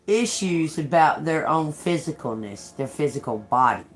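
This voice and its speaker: A woman doing a casual tarot reading to camera, swearing freely and laughing as she tells an animated story to her viewers. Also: sits low, moderate pace. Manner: addresses viewers as y'all. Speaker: tarot reader.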